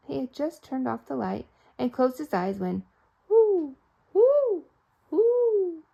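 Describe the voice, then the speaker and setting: Lively, gravelly woman reading a storybook. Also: fairly high pitch, normal speed, muffled recording. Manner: expressive, playful sound effects. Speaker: storybook reader. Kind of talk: storybook read-aloud.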